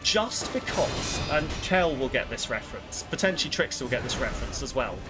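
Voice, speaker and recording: A young man chats on a live stream, sarcastic and ranting as he tells a story. His voice sits at an ordinary middle pitch. Game music plays clearly underneath him. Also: very animated, a little fast. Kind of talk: casual live-stream chat.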